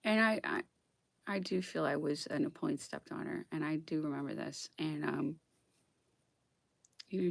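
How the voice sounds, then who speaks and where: A woman giving impassioned ranting commentary on history memoirs. She swings between loud outbursts and hushed whispers and keeps tagging on a pointed "okay?". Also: sits low, gravelly, slightly rough, no room sound. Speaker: history vlogger reading memoirs.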